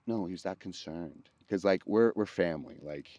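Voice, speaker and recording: A man co-hosting a podcast, telling a personal story in casual chat, often halting and restarting mid-sentence. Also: low-pitched, dark tone.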